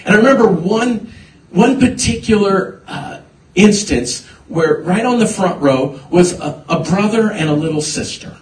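Male pastor, sermon, slow halting delivery, echoey sanctuary, heard from a distance. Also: high voice. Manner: halting, many restarts, builds to emphatic preaching. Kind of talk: sermon with personal story.

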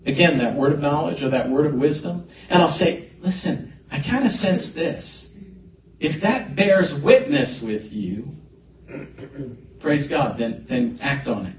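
A man preaching a sermon as a pastor, telling a personal story in an animated way with swings in loudness. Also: mid-range voice, unhurried, slight background noise. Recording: echoey hall mic from a distance.

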